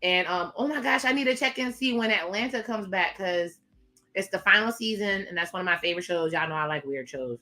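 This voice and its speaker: Sassy, bright-voiced woman reacting. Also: mid-range voice, fairly quick, soft background music. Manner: chatty, sassy asides to viewers, frequent laughs. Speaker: reaction video host. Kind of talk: casual reaction commentary.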